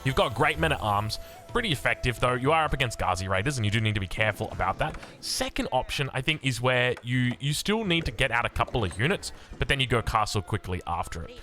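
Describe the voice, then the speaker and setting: An Australian man casting a strategy game in upbeat, chatty commentary, his voice a little raspy from being sick. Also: medium pitch, lively intonation, fast talker, sharp tone, soft background music. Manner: upbeat and chatty, with many fillers and restarts. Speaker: game caster.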